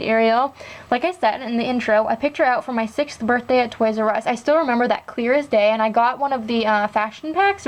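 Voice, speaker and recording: Chatty young woman with a high voice. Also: rough recording. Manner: chatty and rambling, with many fillers. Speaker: doll collector showing her collection. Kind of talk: casual show-and-tell chat.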